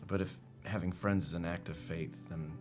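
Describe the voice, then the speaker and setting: A man playing a tabletop role-playing game, speaking softly and earnestly in character. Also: sits low, steady tone, normal speed. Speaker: player. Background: music.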